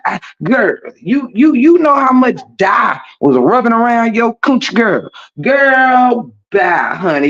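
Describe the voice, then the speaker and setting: A man with a high, swooping voice delivers a sassy, flamboyant comedic gossip rant, stretching out his words slowly. He calls everyone "girl" and "child" as he dishes, and the sound is a touch muffled. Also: fairly bright tone. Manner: breaks into laughter and gasps for breath. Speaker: commentator.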